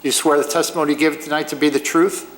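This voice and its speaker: A man's voice: a little high, flat delivery, quick pace, slight background noise. A man chairing a village commission meeting, running the proceedings in an informal, lightly joking way. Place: municipal meeting chamber.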